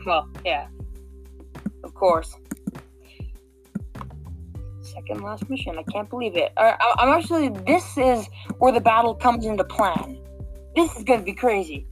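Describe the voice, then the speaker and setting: A woman's voice: mid-range voice, expressive, unhurried, long pauses, faint music behind, rough recording. A woman guiding listeners through a game mission in casual, rambling chat, full of fillers and restarts. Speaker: game walkthrough guide.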